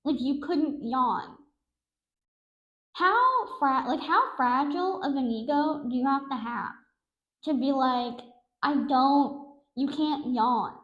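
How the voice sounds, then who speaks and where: A young adult woman hosting a podcast, telling stories in a sarcastic, animated, self-mocking way. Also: high voice, slow, roomy sound, highs cut off. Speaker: podcast host. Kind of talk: casual storytelling monologue.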